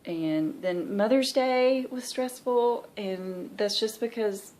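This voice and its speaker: A woman's voice: on the high side, takes it slowly, a little mellow. A woman in her thirties with a Southern US accent, chatting candidly and rambling in a stitching vlog, sounding tired. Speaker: cross-stitch vlogger. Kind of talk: casual chat.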